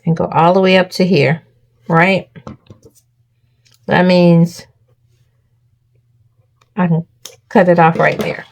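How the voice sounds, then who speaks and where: A woman with a slightly low voice hosts a homemade craft tutorial. She explains each cut and fold step by step in a chatty, instructive way, often pausing to check in with the viewer. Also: level tone, creaky, darkish tone.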